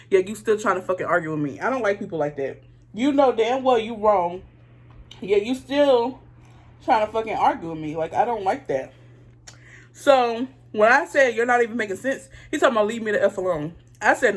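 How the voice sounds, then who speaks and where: A woman vlogger telling a story while doing her makeup, talking straight to her viewers in a blunt, profane, indignant way. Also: medium pitch. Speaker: beauty vlogger.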